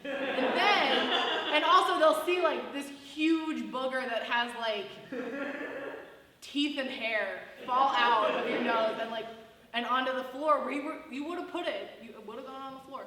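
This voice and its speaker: A woman's voice: sits high, a little slow, a loud crowd. A young woman doing a rambling stand-up set, heavy on filler words. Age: young adult. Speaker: stand-up comedian. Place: student comedy show in a hall. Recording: distant, echoey hall recording.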